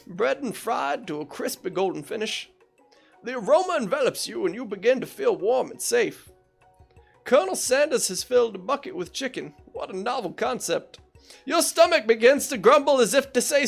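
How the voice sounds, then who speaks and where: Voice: mid-range voice, very animated, normal speed, vocal fry, faint music behind. A streamer reading a dating game aloud, with joking asides between the narration.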